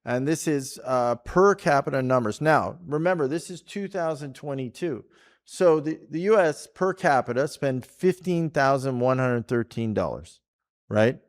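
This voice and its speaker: A man's voice: medium pitch, animated, a little slow. A man from Canada co-hosting a casual talk show on policy, chatty and rambling, often laughing. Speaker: podcast co-host. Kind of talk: casual chat about policy.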